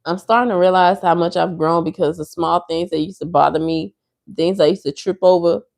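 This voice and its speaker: A woman's voice: deep voice, vocal fry, darkish tone, no room sound, studio quality. A woman hosting a livestream in casual, rambling chat, swearing freely as she rants at commenters. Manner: profane, ranting at commenters; loose, rambling talk to viewers. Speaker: livestream host.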